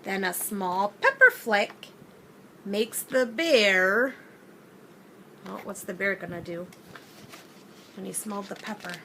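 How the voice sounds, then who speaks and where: A woman's voice: medium pitch, slow, long pauses, a little hiss or hum. Sing-song woman reading a picture book. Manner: expressive, sing-song, asking the listener questions. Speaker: childcare teacher reading aloud. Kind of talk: children's picture book read-aloud.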